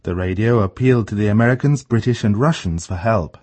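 A man hosts a radio history segment in calm, scripted narration. His voice is on the low side, with a husky grain to it. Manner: measured, explanatory. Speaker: radio program host.

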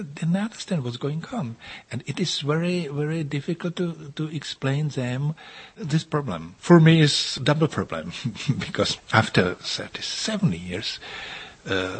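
An older man from the Czech Republic answers interview questions in non-native English with a noticeable Czech accent. His voice is husky, and his speech stops and restarts as he hunts for the right words. He sounds like someone in his sixties. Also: mid-range voice. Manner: halting, frequent restarts and repeated words. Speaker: interviewed author.

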